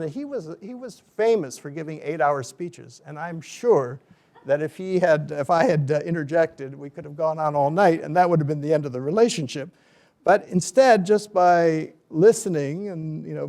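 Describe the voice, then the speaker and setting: A middle-aged man giving a book talk, telling an anecdote in a lively way and acting out the people he quotes. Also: a little high, creaky. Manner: animated storyteller, acts out quoted voices. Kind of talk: storytelling lecture.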